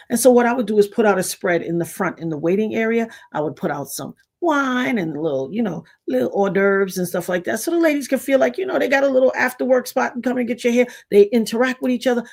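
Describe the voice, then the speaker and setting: A woman from Trinidad talks straight to her live-stream audience. Her voice sits a little high, and she tells animated stories, acting out the people in them. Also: fast. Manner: animated storyteller who acts out quoted voices. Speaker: live stream host and salon owner. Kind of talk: casual live-stream monologue.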